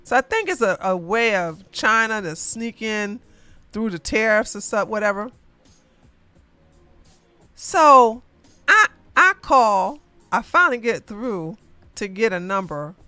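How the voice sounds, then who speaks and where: Woman, bright tense voice, dry close sound, rambling profane rant. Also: medium pitch, slow pace, pauses often, clean tone, dry recording, faint music behind. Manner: animated, profane, repeats herself.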